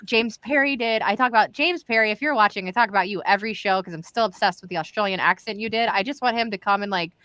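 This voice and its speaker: A woman's voice: medium pitch, fast, few pauses, sharp tone, dry recording. A woman hosting a live stream in casual, chatty talk, addressing viewers directly. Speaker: live show host. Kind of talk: casual livestream chat.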